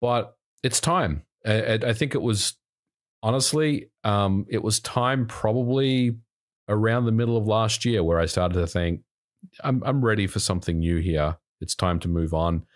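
A man speaks as a guest in a casual podcast chat, with a slightly low voice. He talks hesitantly and restarts his phrases as he works out his thoughts. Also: moderate pace. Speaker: game developer guest.

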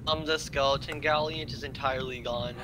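A man's voice: medium pitch, steady tone, a little fast, background noise. A young man chatting with teammates during a game, speaking in a hesitant, mild way. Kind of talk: casual gaming chat.

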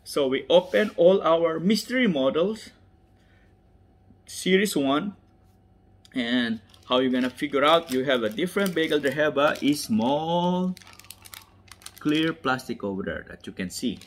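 A man with a non-native English accent unboxing toy cars, enthusiastic and repetitive, often dropping into soft whispers. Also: fairly high pitch, animated, measured pace, long pauses. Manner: drops to soft whispers while handling toys; enthusiastic, repeats words, addresses "ladies and gentlemen". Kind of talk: unboxing commentary.

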